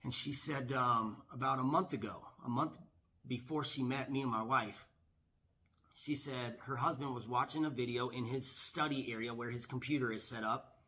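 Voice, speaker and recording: A man telling a storytime vlog as a professional gambler, emphatic and repetitive, often pushing his voice loud. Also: mid-range voice, steady tone, moderate pace.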